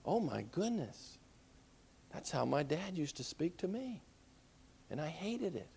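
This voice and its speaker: A man acting out a wife who quietly realizes she talks to her daughter the way her father talked to her. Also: a little high, very animated, measured pace, gravelly, breathy edge, exaggerated voice. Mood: dismayed. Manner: soft, quiet, subdued. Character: dismayed wife realizing her own harshness.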